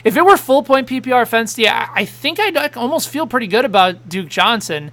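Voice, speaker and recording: A man with a very high voice hosts a live fantasy football talk show. He's excitable and quick in the back-and-forth, and he reads out questions from viewers.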